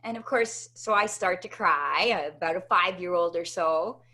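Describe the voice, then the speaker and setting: A woman guest in an interview, telling a personal story with animated energy and often checking in with "right?". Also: on the low side, a little slow. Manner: animated, tags many sentences with "right?". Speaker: interview guest, motivational speaker.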